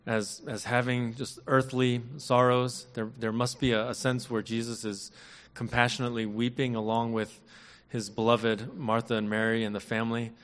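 Male preacher, earnest and measured sermon delivery with repeated emphasis, long hall reverb. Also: medium pitch, flat delivery, fairly bright tone.

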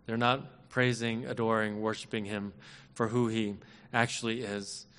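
Earnest preacher in an echoing hall. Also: male voice, on the low side, level tone, fairly bright tone, clear, resonant tone. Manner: earnest, measured preaching with emphatic repetitions. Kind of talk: sermon. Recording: long hall reverb.

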